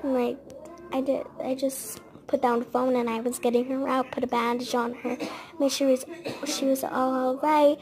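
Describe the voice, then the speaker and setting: Woman, high-pitched, casual storytime, chatty, rambling, lots of fillers. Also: little pitch movement, moderate pace, crowd noise.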